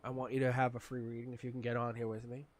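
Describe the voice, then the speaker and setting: Raspy man, tarot reader on a live stream; animated, chatty, laughs often. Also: mid-range voice, very fast.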